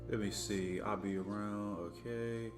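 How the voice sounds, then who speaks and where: A very deep-voiced man commentates casually as he plays, reading out messages and tripping over his own words now and then. Clear game music runs underneath him. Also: steady tone, a little slow. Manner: chatty, reads chat aloud, stumbles over his words. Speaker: streamer playing a game.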